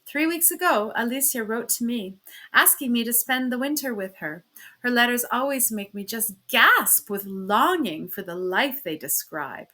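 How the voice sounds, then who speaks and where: Bright, expressive woman reading a story. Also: moderate pace. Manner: expressive, with lively shifts in pitch and loudness. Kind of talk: storybook read-aloud narration.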